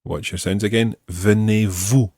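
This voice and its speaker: A man teaching an audio lesson, speaking slowly and deliberately and repeating phrases for learners. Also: lowish voice, big pitch swings, darkish tone, dry recording, studio quality. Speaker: language teacher.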